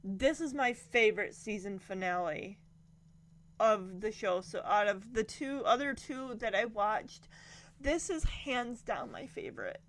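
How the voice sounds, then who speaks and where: A woman's voice: mid-range voice, unhurried, a bit bright, slight background noise. A woman giving casual reaction commentary on a television episode, gushing and rambling as she gets emotional. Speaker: show reviewer.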